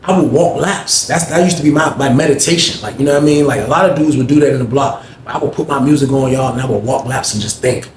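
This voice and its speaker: A man's voice: medium pitch, quick pace, hardly any pauses, slight background noise. A man telling a casual story in slangy speech, talking to listeners as y'all. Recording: echoey room with faint ambience.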